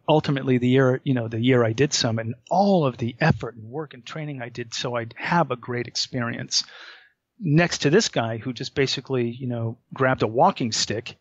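A man telling a story as a podcast guest, animated and full of restarts as he acts out his own dialogue. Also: mid-range voice, no room sound, dull audio.

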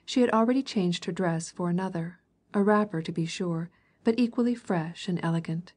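A woman reads a classic novel aloud in steady, measured narration. Her voice is mellow and warm, with a soft, breathy huskiness. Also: fairly low pitch. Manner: even, measured storytelling. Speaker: audiobook reader.

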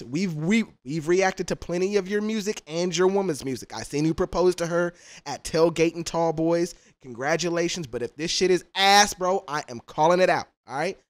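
A man's voice: fairly high pitch, normal speed. Male reaction streamer, brash slang and cursing, voice swings widely up and down. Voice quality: animated, profane, trash-talking slang. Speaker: music reaction YouTuber. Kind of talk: casual reaction commentary.

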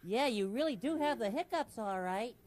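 A man's voice: very high voice, expressive, normal speed, slight background noise. A man voicing a giant, friendly, innocent bird with a childlike, earnest voice, in 1970s children's TV puppet acting. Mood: sympathetic. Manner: wide-swinging, wondering, earnest voice.

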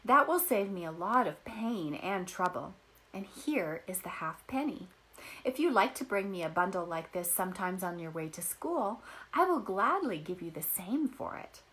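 A weary old woman aching with rheumatism as a woman storyteller reads her lines asks for help in a pleading way. Her voice moves up and down in a lively storybook manner. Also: mid-range voice, moderate pace.

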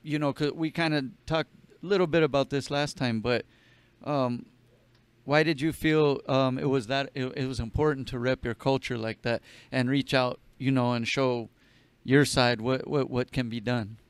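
A man hosting a podcast interview, relaxed and encouraging, often backing his guest up with quick yeahs. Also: medium pitch, clean tone, no room sound. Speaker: podcast host. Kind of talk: casual interview chat.

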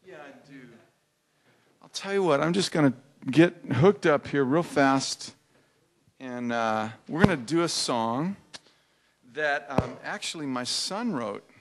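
A man's voice: fairly high pitch, expressive, a little slow. A middle-aged man leading a church service, talking to the congregation in a folksy, joking, playful way. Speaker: worship pastor. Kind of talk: casual stage talk to a congregation.

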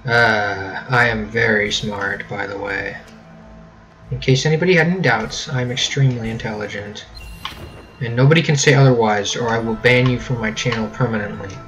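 A young American man hosts a casual let's-play, joking and rambling over his gameplay with mock-British catchphrases. His voice is on the low side and fairly bright, at a moderate pace. The audio is poor, with faint music and a faint hum behind him.

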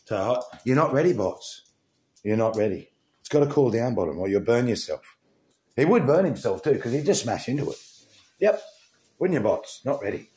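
A man's voice: mid-range voice, sing-song, moderate pace, warm tone. A man filming a home pet vlog, chatting casually and cooing to his dog in a playful sing-song voice. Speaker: pet vlogger.

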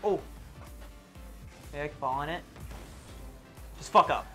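A young man casually commentating his own gameplay, excitable and swearing a lot, yelling whenever he misses. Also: sits high, normal speed, long pauses, faint music behind.

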